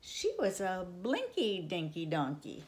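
An older woman reading a picture book aloud to children, in a playful sing-song way with sudden soft whispers. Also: on the low side, huge pitch swings, unhurried, a little hiss or hum. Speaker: children's storyteller.

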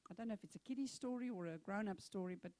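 A woman pastor preaching a sermon in an animated, conversational storytelling manner. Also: medium pitch, racing, dry recording.

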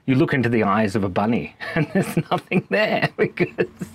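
A man's voice: mid-range voice, very animated, normal speed, slight background noise. A man, rambling playfully in a monologue from a backyard cubby house and slipping into animal noises. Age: 30s. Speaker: vlogger.

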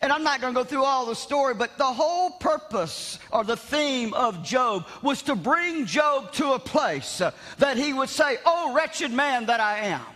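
A man preaching a revival sermon, shouting with animated, self-mocking humor in a large church. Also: very high-pitched, normal speed, few pauses, soft background music. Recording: long hall reverb in church.

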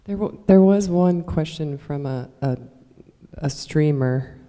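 A man relays an online question, hesitant at first. His voice is dark and mellow, and it comes from off-mic across a long-reverb hall. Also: a little high, takes it slowly.

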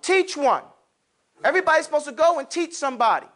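A man teaching Arabic pronunciation to a class, demonstrating sounds with exaggerated mouth shapes in an animated way. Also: extremely high pitch, fast. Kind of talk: classroom lesson. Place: classroom with students.

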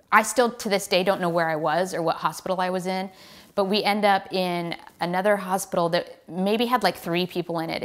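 Lively American woman telling a story. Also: fairly low pitch. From United States. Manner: animated, relives the scene with quoted lines. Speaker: pro cyclist telling a story. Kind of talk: casual storytelling.

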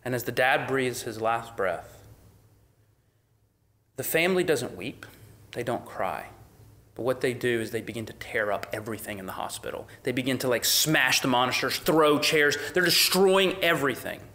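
A man preaching a sermon, shifting between loud, emphatic peaks and hushed whispers, with a conversational, casual way of talking. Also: mid-range voice, normal speed. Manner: conversational, uses "like" often. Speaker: pastor.

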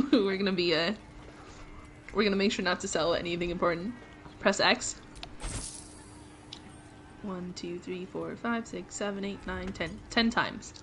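A woman's voice: lowish voice, a little slow, long pauses, slight background noise. A woman patiently talking a friend through a video game, giving step-by-step directions. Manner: patient, instructive, laughs easily. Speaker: co-player guiding the gamer. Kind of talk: casual gameplay guidance.

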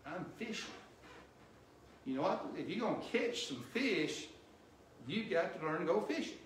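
A male missionary preacher delivering a sermon, quizzing the congregation with questions and growing loud and emphatic at his peaks. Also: high-pitched, sing-song, moderate pace, a little hiss or hum. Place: church sanctuary. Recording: roomy church echo, distant mic.

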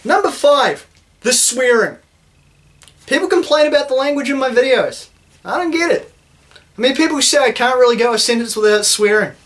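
A young man from New Zealand talks straight to camera in a satirical vlog. His New Zealand accent rides a high-pitched voice, and he swears freely as he plays at being indignant. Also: lively intonation, normal speed, fairly bright tone. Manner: sarcastic, profane, mock-indignant. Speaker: YouTuber. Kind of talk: sarcastic vlog rant.

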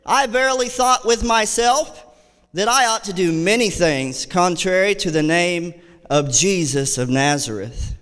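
Man preaching a sermon, bright sharp voice, repeats his points, church hall echo. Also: sits high, measured pace, clean tone. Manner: fervent preaching, repeating key phrases; reads scripture aloud in old-fashioned wording. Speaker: associate pastor. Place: church sanctuary.

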